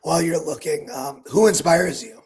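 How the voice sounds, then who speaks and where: A man hosting a casual live chat, relaxed and upbeat as he asks questions and thanks listeners. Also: on the high side, normal speed, husky. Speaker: host.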